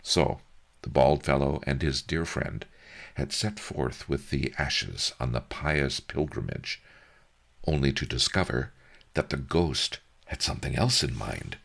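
A man reads an audiobook in an extremely deep, gravelly voice. He takes a slow, unhurried pace with wry, dry storytelling and a lively, rising and falling delivery. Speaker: narrator. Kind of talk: audiobook narration.

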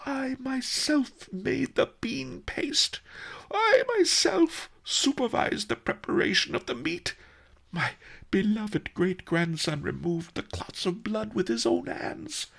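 A shrill, wildly swooping old sage, theatrical and indignant, his voice leaping high as he rants and sobs, as a man puts him on. The tone carries a gravelly edge, in a slow, deliberate audiobook reading. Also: very animated, a bit bright, exaggerated voice. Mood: sobbing. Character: excitable very old male sage, great-grandfather.

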